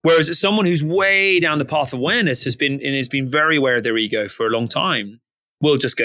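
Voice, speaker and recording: A man's voice: on the high side, quick pace, sharp tone, dry recording. A man co-hosting a podcast in a casual, blokey way, swearing freely and stumbling over restarts. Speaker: podcast co-host. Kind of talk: casual chat.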